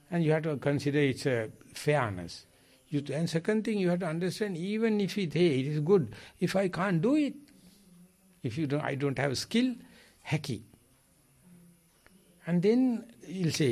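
A man, a Buddhist monk giving a dharma talk in halting English, with restarts and repeated words. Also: mid-range voice. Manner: lively, halting non-native English with repeats.

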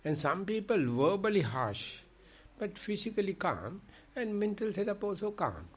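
A man taking part in a dharma discussion as a meditation teacher, talking in an animated, emphatic, storytelling way with big swings in pitch and loudness. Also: moderate pace, a little hiss or hum.

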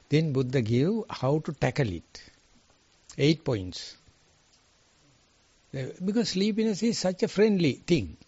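A man giving a dharma talk as a monk teacher, telling a sutta story with non-native phrasing and swinging pitch. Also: very animated, a little slow, darkish tone, no room sound, muffled recording.

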